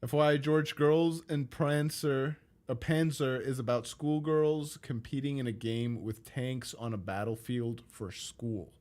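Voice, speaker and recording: A man's voice: medium pitch, steady tone, moderate pace, hardly any pauses, a little mellow. A young man co-hosting a casual live stream, talking frankly and emphatically and laughing easily. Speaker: co-host.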